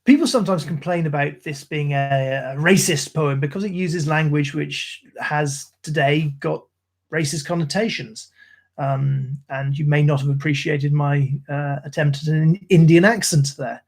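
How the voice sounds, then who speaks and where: A man's voice: on the high side, unhurried. A middle-aged man reading poems aloud on a live stream, with dramatic delivery, a put-on London soldier's voice, and chatty, self-deprecating asides. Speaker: poetry reader on a live stream. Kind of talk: poetry recitation.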